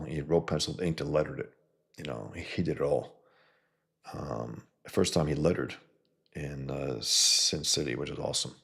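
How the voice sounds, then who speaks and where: A man's voice: extremely low pitch, creaky, slightly rough. A man rambling bluntly and with strong opinions in a casual monologue as a comic book reviewer and cartoonist, often trailing off with fillers.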